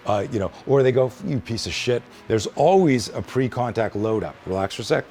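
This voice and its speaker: A man's voice: mid-range voice, fairly quick, dark tone, slight background noise. A man teaching self-defense in a hands-on demonstration, blunt and emphatic with plenty of swearing.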